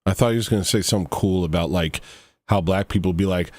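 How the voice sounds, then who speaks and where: A man's voice: low voice, quick pace, darkish tone, no echo, clean studio sound. A man hosting a livestream, reacting to a video with rambling, mock-serious satirical commentary that trails off into asides.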